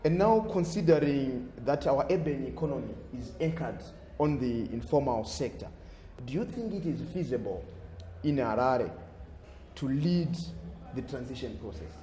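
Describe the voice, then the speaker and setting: A man's voice: medium pitch, expressive, moderate pace, mellow, reverberant. A man with a Zimbabwean accent moderating a panel debate, formal in wording and hesitant with frequent fillers.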